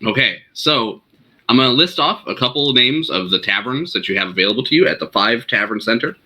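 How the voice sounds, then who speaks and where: A man running a tabletop game as game master, narrating scenes in a relaxed, unhurried way. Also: medium pitch, poor audio.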